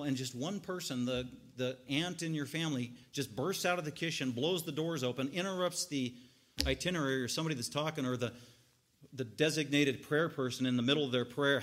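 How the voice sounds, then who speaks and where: A man preaching an expository sermon, acting out the people in the story and swinging from quiet explaining to loud, animated outbursts. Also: mid-range voice, brisk. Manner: animated, acts out voices, rising to loud outbursts. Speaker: pastor.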